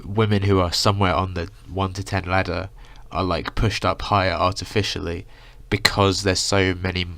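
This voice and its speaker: Deep gravelly young man rambling. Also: a bit bright, dry recording. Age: young adult. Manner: rambling, full of "like" and "you know". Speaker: vlogger. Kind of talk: casual storytime rant.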